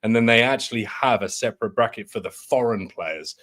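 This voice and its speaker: A man's voice: medium pitch, a little fast, a bit bright. A man co-hosting a casual football chat, laid-back and laughing along. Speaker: co-host.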